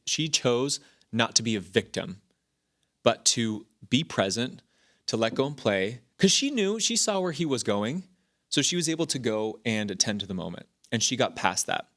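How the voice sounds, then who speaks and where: Rambling, animated man telling stories. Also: mid-range voice. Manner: rambling, animated storytelling with many restarts. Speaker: podcast host. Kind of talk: casual talk.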